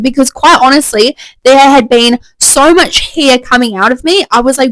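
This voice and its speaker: A young woman excitedly telling a candid story in a casual, chatty way. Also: sits high, normal speed, few pauses, no echo, poor audio. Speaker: vlogger.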